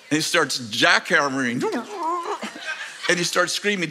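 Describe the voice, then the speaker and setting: A man's voice: on the high side, fairly quick, noisy background. An American man preaching a sermon as pastor, telling a story with laughter and acting out the voices of the people in it. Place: large church auditorium.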